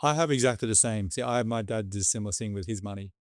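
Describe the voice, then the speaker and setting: A man hosting a conversational interview, speaking thoughtfully and reflectively, with a self-deprecating touch and halting restarts. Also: on the low side, no room sound, studio quality. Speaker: podcast host.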